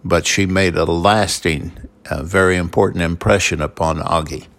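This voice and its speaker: Older grandfather type, very deep gravelly voice, halting and unhurried. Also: fairly even intonation, a bit bright. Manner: unhurried storytelling with many "uh"s. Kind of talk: casual conversation.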